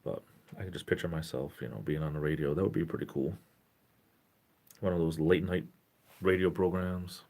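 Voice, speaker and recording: Man in his forties, very low voice, gentle caring tone, rambling live stream chat. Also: steady tone, moderate pace, creaky, pauses often. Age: 40s. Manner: rambling, self-interrupting, greets chat viewers.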